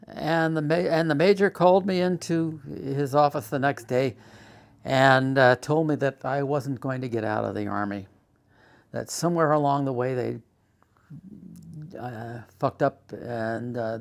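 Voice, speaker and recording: An older man recounting his life story in a halting, emotional way, acting out old arguments loudly. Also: mid-range voice, fairly even intonation, gravelly.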